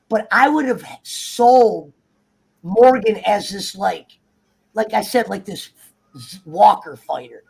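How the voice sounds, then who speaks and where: A man in casual, heated chat, swearing freely and acting out characters in quick asides. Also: high-pitched, gravelly, slightly rough. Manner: profane, animated, acts out characters in quick asides. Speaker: guest on a TV review talk show.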